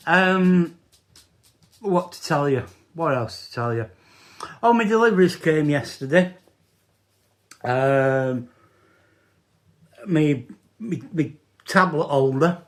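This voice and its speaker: A man, talking casually in a personal vlog, halting and repeating words as he goes. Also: medium pitch. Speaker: vlogger.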